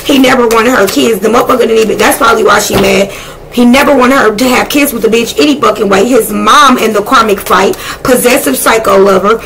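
A woman giving a casual tarot reading, blunt and excitable, swearing freely as she talks to spirit. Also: a little high, a little fast, creaky, a little hiss or hum, rough recording. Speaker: tarot reader.

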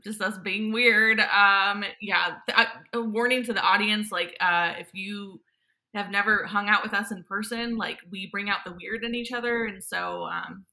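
A woman's voice: mid-range voice, steady tone, normal speed, creaky, pushed and bright. A woman, a salon owner chatting casually in a goofy, rambling, giggly way. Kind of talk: casual chat.

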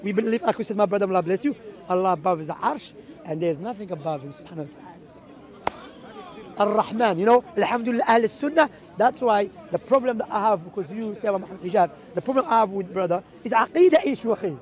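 A man's voice: high voice, expressive, fast, some chatter behind. A man, a street preacher, arguing emphatically in an impromptu outdoor debate, mixing in religious Arabic phrases. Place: outdoors in a city park.

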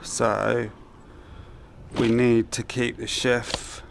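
A man's voice: medium pitch, little pitch movement, extremely slow, vocal fry, a little hiss or hum. A man thinking aloud to himself as he plays through a video game, giving let's-play commentary into a headset mic. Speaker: gamer.

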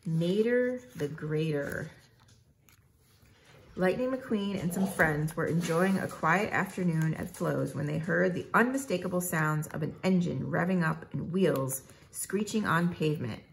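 Low gravelly woman reading a storybook. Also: normal speed, hardly any pauses, a little hiss or hum. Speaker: narrator. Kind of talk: storybook read-aloud.

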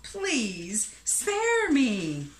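A woman voicing a big, sorry male elephant in a storybook read-aloud, pleading and excitable. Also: on the high side, extremely slow, voice pushed up, full character voice. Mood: panicked. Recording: echoey room.

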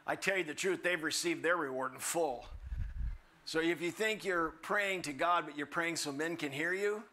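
An older man preaching a sermon as a guest speaker, animated and humorous, acting out the voices he quotes. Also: fairly high pitch, normal speed, a little hiss or hum.

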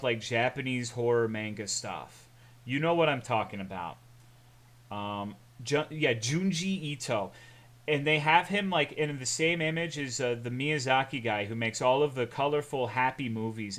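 Bright-sounding guy rambling and joking on his stream, reading chat out loud. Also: mid-range voice. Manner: rambling, jokey, reads chat aloud. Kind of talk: casual live-stream chat.

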